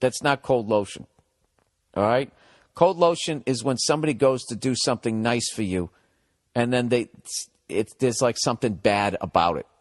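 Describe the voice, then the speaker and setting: A man's voice: medium pitch, normal speed, dry recording, clean studio sound. A man hosting a podcast, ranting casually and with a lot of profanity, drifting off on comic tangents. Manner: profane, animated, goes off on tangents. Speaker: podcast host. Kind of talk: casual comedic rant.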